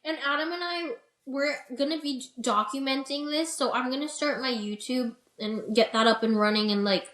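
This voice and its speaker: A young adult woman, an interview guest and bikini competitor, telling her story in a chatty, animated way with lots of "like" and "you know". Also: on the high side, normal speed, few pauses. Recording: roomy echo.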